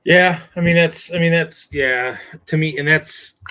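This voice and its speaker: A man co-hosting a casual livestream chat while building, talking in a rambling, animated way. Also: on the high side, a little slow. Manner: rambling, animated, puts on voices.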